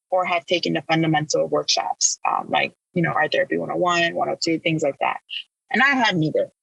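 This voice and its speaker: A woman from Illinois recounts her path as a podcast guest, candid and emphatic in her storytelling. Her voice is bright and edged with gravelly fry, and the sound is dry and close. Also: fairly low pitch, dry recording, low-quality recording. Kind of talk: personal storytelling in an interview.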